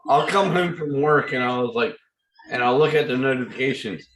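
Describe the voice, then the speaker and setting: A man's voice: medium pitch, a little fast, roomy sound, noisy background. A man hosting a casual group video call, telling jokey stories and laughing along. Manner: joking, laughing storyteller. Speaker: channel host.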